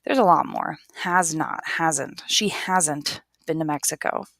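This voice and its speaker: Woman, teacher voice, patient and slow, low with a gravelly edge, dry close sound. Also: fairly bright tone, no echo. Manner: patient, repeats each word slowly for learners. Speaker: English teacher. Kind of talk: slow, careful classroom explanation.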